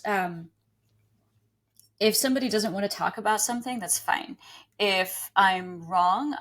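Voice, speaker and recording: A woman guest in an interview, a psychic reader, calmly explaining how she reads symbols. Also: mid-range voice. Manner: calm, explanatory, laughs easily. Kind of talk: explaining her practice in an interview.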